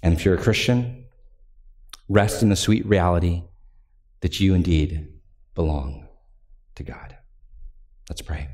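A male pastor preaching a sermon earnestly, rising to fervent emphasis when reading scripture and slowing to a low close at the end of phrases. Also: a little mellow.

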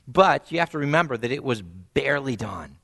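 Guy preaching a sermon, middle voice, gets animated doing the quotes, repeats stuff quietly for emphasis. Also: fairly quick, gravelly. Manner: animated, acts out quoted voices with big pitch jumps; repeats key phrases softly for emphasis. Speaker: pastor.

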